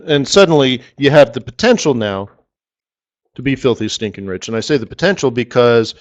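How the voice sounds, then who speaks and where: A man's voice: mid-range voice, lo-fi sound. A middle-aged man hosting a live forex strategy session, rambling and repeating words for emphasis. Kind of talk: live trading webinar talk.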